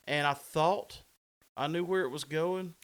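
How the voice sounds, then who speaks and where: A man's voice: on the high side, measured pace. A man hosting a podcast in casual chat, telling a story with laughs and self-mocking humor. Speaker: podcast host.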